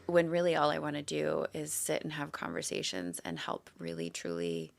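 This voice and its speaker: Deep gravelly lady on a podcast, super frank and earnest. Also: very animated, normal speed. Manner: candid, earnest, emphatic. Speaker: guest co-host, educator. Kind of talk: casual conversational podcast.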